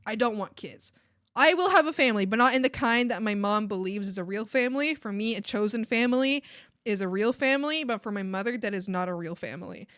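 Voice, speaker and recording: A woman's voice: mid-range voice, expressive, fairly quick, a bit bright, no echo, clean studio sound. A young woman streaming while she draws, chatting casually in a rambling, emphatic way with many fillers and restarts. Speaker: art streamer. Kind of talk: casual chat while drawing.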